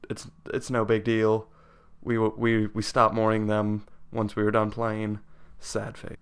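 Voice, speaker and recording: A man's voice: fairly high pitch, clean tone. A young man giving a casual video game review in a rambling, profane, jokey way.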